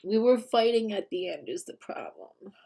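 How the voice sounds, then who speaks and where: A woman's voice: medium pitch, lively intonation, moderate pace, creaky, warm tone. A woman vlogging in loose, rambling casual talk at her home computer, full of fillers, swearing and laughs.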